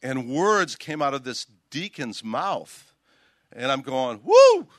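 An older man, a pastor, preaching a sermon outdoors, reading scripture aloud with emphasis and telling stories in an animated way. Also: mid-range voice, slow, dry recording.

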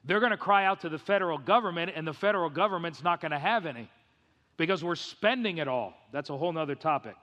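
High bright pastor guy, punchy rhetorical sermon, echoey hall. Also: animated, fast talker, lo-fi sound. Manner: emphatic, rhetorical questions, acts out quoted voices. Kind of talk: expository sermon. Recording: reverberant hall.

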